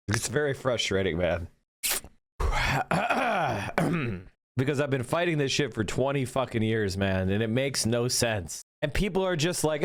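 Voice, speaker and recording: A man's voice: mid-range voice, big pitch swings, measured pace. A man in his forties giving heated, profane live-stream commentary, his voice climbing as he rants. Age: 40s. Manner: profane, ranting, voice climbing when worked up. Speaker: political streamer.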